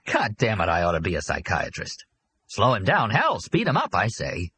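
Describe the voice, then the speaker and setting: A man voicing a pushy, excitable middle-aged businessman who talks impatiently and blurts out his ideas in an audiobook. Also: lowish voice, normal speed, slightly rough, pitched above the performer's own voice, heavily acted. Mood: excited.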